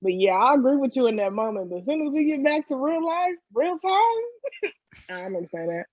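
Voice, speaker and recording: Giggly sassy woman, lively voice. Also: high-pitched, fairly quick, no room sound, phone-quality sound. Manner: playful, giggly, sassy slang. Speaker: podcast co-host. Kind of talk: casual chat. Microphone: studio podcast mic.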